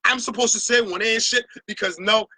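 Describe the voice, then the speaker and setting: High, bright-voiced Barbadian man ranting. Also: fairly quick, slightly rough, no room sound. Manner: passionate, profane, emphatic ranting. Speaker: opinion show host. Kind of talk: opinion rant to camera.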